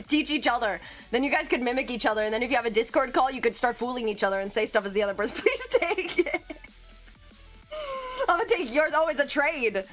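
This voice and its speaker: A giggly, talkative woman chats casually on her livestream. Her voice sits high and swoops around a lot. Soft music plays faintly behind her. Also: animated, fairly quick. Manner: chatty, giggly, self-described yapper. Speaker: streamer. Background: faint background music.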